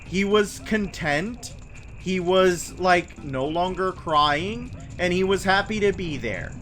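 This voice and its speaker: A man's voice: high-pitched, lively intonation, takes it slowly, fairly bright tone, slight background noise. A man streaming a game and chatting casually, telling stories and drifting between topics. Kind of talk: casual chat while gaming on stream. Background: faint game music.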